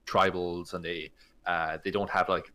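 A man's voice: deep voice, level tone, a little slow, pushed and bright. A man co-hosting a tabletop gaming podcast, chatting casually and rambling with many fillers. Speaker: podcast co-host. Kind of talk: casual chat.

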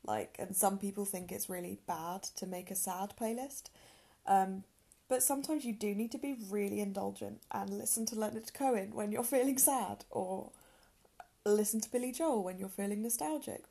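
A young woman talks through a solo podcast in a chatty, earnest way. Her voice is gravelly and mellow, a little husky, and she drops in ums and small self-deprecating laughs. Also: mid-range voice. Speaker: podcast host. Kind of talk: casual solo podcast talk.

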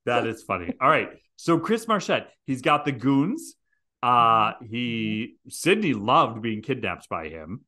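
A man's voice: medium pitch, sing-song, takes it slowly, sharp tone. A man co-hosting a podcast, chatting casually and joking with emphatic repetition. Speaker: podcast co-host. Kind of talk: casual chat.

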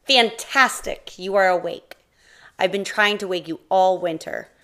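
A woman voicing a tiny, excitable female mouse with a squeaky, eager way of talking. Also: a little slow. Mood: excited. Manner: squeaky, breathless, pleading.

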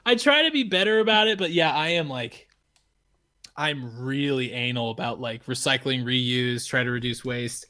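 Animated, bright-voiced man. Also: mid-range voice, moderate pace. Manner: animated, swears freely, lots of fillers. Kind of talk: casual chat, storytelling.

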